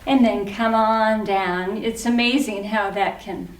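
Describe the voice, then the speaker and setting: A woman's voice: medium pitch, steady tone, measured pace. A woman leading an exercise class for older adults, counting reps and cheering people on, a little out of breath. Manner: encouraging, counts reps aloud, cheers on the last reps. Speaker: fitness instructor. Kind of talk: guided exercise class instruction. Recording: echoey room, mic at a distance.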